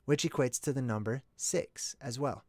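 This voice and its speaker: A man's voice: medium pitch, moderate pace, darkish tone, no room sound. A man hosting his own channel, explaining in a casual livestream way, thinking aloud, correcting himself and checking in with his listeners. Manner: rambling, self-correcting. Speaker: channel host.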